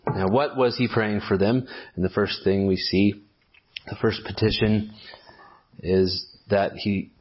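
A man preaching an expository sermon at a measured pace, often restarting with fillers as he explains a passage. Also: on the low side, steady tone, breathy edge, highs cut off. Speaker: pastor.

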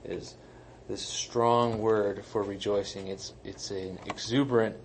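A man's voice: lowish voice, steady tone, takes it slowly, slight background noise, poor audio. Conversational man preaching a sermon. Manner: conversational, emphatic, self-deprecating asides. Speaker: pastor. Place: church sanctuary.

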